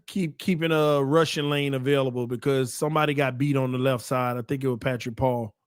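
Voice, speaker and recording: A man hosting a fan watch party, calling the plays live in an excitable, casual way and talking back to the players. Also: medium pitch, fairly quick, clear, resonant tone, no echo, studio quality. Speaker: fan show host.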